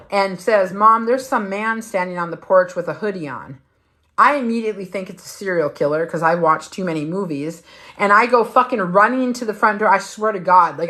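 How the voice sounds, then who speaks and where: A woman's voice: mid-range voice, a bit bright. A woman hosting a weight-loss livestream, telling a personal story in a blunt, emphatic way with plenty of swearing. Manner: blunt, heavily profane, emphatic. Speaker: weight-loss challenge host.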